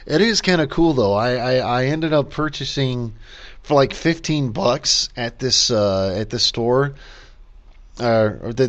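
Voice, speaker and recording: Male podcast host, middle pitch, caffeinated rambling rant, profane, muffled home recording. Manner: rambling, lots of fillers and restarts, profane. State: caffeinated, talking fast. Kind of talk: casual solo rant.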